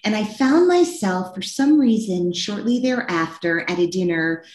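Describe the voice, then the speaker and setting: A woman hosting a casual conversation, retelling a story in a chatty, halting way. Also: mid-range voice, lively intonation, darkish tone. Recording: roomy echo.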